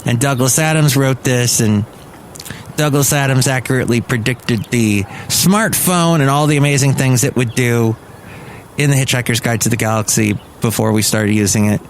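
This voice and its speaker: An American man with an American accent hosts a casual solo podcast. He rambles eagerly and keeps correcting himself mid-sentence. His voice sits at an average pitch for a man, with faint traffic noise behind it. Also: moderate pace. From United States. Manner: rambling, enthusiastic, self-correcting. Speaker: podcast host and talk radio worker.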